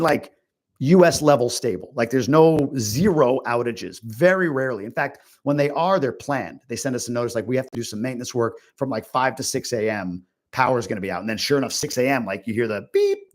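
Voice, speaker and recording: A man hosting a casual livestream Q&A, answering viewer questions in a chatty, rambling way full of fillers and asides. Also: mid-range voice. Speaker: host.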